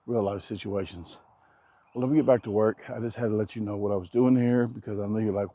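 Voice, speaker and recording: A man with a fairly low voice talks casually to camera at an outdoor building site, rambling between tasks and dropping jokes at himself. He keeps his naturally loud voice reined in. The action-camera audio sounds dry and a bit dull. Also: fairly even intonation, a little fast, dry recording. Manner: joking, rambling, self-deprecating asides. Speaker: vlogger. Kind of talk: casual vlog talk to camera.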